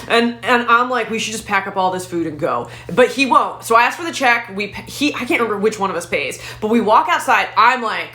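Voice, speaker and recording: A woman comedian telling a profane, animated story in stand-up style. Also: medium pitch, a little fast. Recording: roomy echo.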